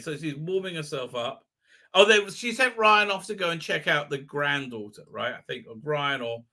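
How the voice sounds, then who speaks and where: Sarcastic bright-voiced man hosting. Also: a little high. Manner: sarcastic, mocking, acts out quotes in exaggerated voices; many fillers and restarts. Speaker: host. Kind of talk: live commentary on a TV episode.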